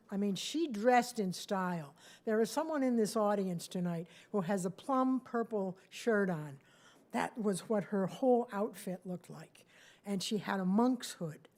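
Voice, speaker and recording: A woman telling a story onstage in a small cafe, chatty and animated, with asides to the audience. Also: mid-range voice. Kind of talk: live storytelling performance.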